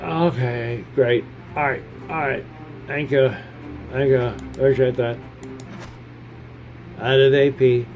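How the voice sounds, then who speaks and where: Man in his fifties, gameplay commentary, sarcastic, rambling, unhurried delivery, music underneath. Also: medium pitch, steady tone, darkish tone. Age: 50s. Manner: sarcastic, self-deprecating, rambling. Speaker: gamer.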